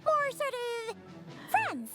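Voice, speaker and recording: A woman voicing a tiny, chatty female fairy companion in a video game, boastful with a high, squeaky sing-song voice. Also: wildly swooping pitch, slow, heavily acted. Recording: game audio under loud music.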